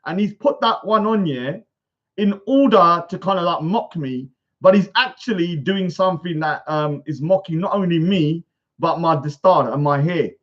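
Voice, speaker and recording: A man's voice: a little high, normal speed, fairly bright tone. A man ranting and mocking his rivals in a casual vlog, swearing often, recorded at home in a bungalow. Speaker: vlogger. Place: bungalow room. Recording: dull lo-fi recording.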